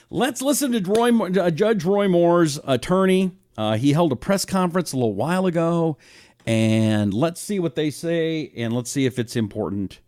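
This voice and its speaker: A man hosting a solo talk show, reading listener comments and talking in an animated, rambling way. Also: a little slow. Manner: animated, rambling, lively swings in pitch. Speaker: radio talk show host. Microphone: own broadcast setup, fixing a failed mic on air.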